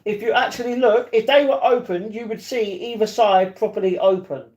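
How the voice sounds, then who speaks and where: High-voiced man chatting on a live stream. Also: steady tone, normal speed, a little mellow, slight background noise. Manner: chatty, calls viewers darling and mate. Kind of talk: casual live-stream chat reading comments.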